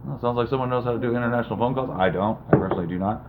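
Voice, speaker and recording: A live show host with a medium-pitched voice talks rapid-fire while running a casual call-in stream. He's laid-back and rambling, full of fillers, and the audio is noisy and lo-fi, like a phone line.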